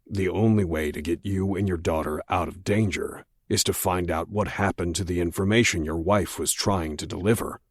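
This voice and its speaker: A man doing a low, cold federal agent. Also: fairly even intonation, dry recording, studio quality. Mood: cold, insistent. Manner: slow, low, quietly threatening. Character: menacing male federal agent, cold and controlled.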